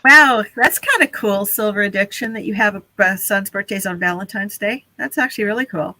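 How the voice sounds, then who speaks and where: A woman's voice: medium pitch, fairly quick, sharp tone, dry recording, poor audio. A woman hosting a casual live stream, chatty and laughing often as she talks to her viewers.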